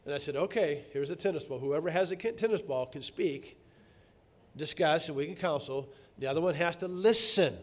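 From the pulpit, a middle-aged man with a voice slightly higher than most men's preaches at a fairly quick pace. His sermon moves from easygoing, conversational storytelling and quiet asides to loud, emphatic bursts.

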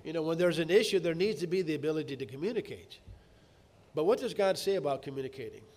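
A middle-aged man preaching from the pulpit in a slightly higher voice than most men. He tells stories in an easy, conversational way, then breaks into loud emphatic bursts. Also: expressive, quick pace. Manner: storytelling preacher, swinging from quiet asides to loud emphatic bursts. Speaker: pastor. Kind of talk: sermon.

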